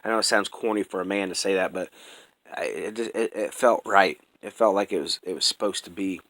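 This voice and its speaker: Low-voiced man rambling through his story. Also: brisk, a bit bright, dry recording, poor audio. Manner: rambling, profane, many restarts; earnest, close to emotion. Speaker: storyteller recounting his own life. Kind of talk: casual personal storytelling.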